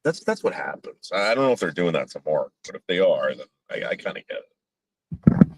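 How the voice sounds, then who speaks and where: A man's voice: low voice, big pitch swings, quick pace. A man hosting a casual livestream chat, rambling with fillers and restarts and swearing bluntly. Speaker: podcast host.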